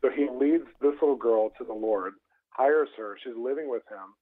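A pastor telling a story as a guest in an animated, tumbling rush of words. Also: male voice, mid-range voice, moderate pace. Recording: tinny phone line.

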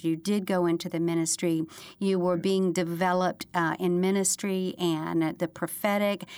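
A woman with a fairly low voice hosts an interview and answers her guest with affirming reactions. She is recorded close and dry, with no room sound. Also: clean tone, no room sound. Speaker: interviewer host. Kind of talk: interview questions.

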